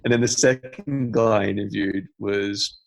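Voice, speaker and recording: A man's voice: lowish voice, fairly even intonation, unhurried, gravelly, no room sound. A man in his forties, a meditation teacher, telling a candid, reflective story as a podcast guest, with frequent restarts. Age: 40s.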